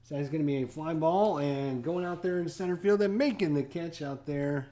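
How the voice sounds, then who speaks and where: A man hosting and calling a tabletop baseball game in a relaxed, casual play-by-play, with frequent fillers and pauses. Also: fairly high pitch. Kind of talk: casual solo game commentary.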